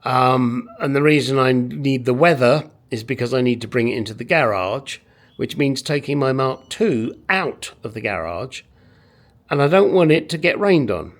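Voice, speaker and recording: In this casual workshop commentary, a man with a medium-pitched voice and moderate pace tinkers with a motorcycle in his home garage. He's a restoration vlogger who mutters to himself and curses while explaining each step to his viewers.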